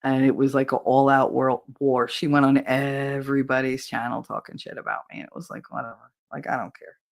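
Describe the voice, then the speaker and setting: A woman from New Jersey with a New Jersey accent, hosting a podcast in casual chat, animated and exasperated, swearing freely. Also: a bass voice, brisk, creaky. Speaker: podcast host reading live chat.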